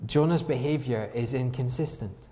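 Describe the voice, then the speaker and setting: A man's voice: mid-range voice, moderate pace, warm tone. Male preacher in a reverberant hall. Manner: emphatic, rhetorical questions to the congregation. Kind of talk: sermon. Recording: long reverb from a large hall.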